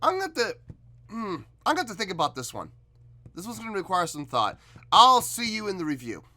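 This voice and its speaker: A man's voice: high voice, wildly swooping pitch, brisk, bright, forceful tone. A man hosting a music reaction channel, reviewing a song in a casual, emphatic way and talking straight to his viewers.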